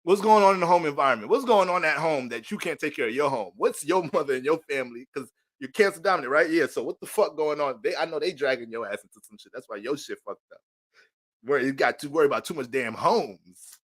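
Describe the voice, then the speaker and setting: A young man giving a casual, profane, joking astrology reading in animated rants. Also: a little high, quick pace. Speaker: astrology reader.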